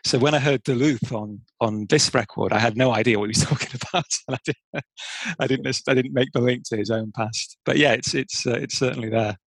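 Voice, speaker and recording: Husky-voiced middle-aged man, chatty and halting podcast co-host, dry close sound. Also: medium pitch, fairly even intonation, dry recording, poor audio. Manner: chatty, hesitant, lots of fillers and restarts. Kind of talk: casual chat.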